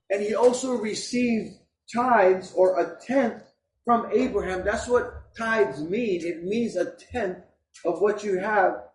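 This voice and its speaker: A high-pitched man preaches to his church with emphatic, conversational energy. His voice carries from a distance through an echoey hall, and faint ambient noise sits behind it. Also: a little mellow. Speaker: pastor. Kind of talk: sermon.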